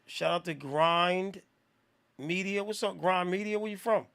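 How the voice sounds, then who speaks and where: A man hosting a live music review stream, talking in a slangy, profane, rambling way and giving shout-outs to viewers. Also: high voice, a little slow, creaky, smooth. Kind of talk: casual live-stream commentary.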